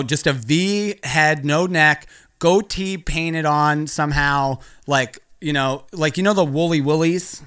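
A man's voice: on the high side, bright, forceful tone, clear, resonant tone. A man telling a stand-up comedy story, rambling and profane, often laughing through his lines.

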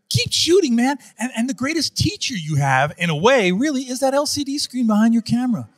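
A man being interviewed about wildlife photography, telling stories emphatically and acting out other people's voices. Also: on the high side. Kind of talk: animated interview storytelling.

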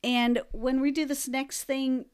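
A woman teaching breathing exercises, guiding slowly and gently with light laughs. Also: sits high, little pitch movement, smooth. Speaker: breathwork instructor. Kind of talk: guided breathing lesson.

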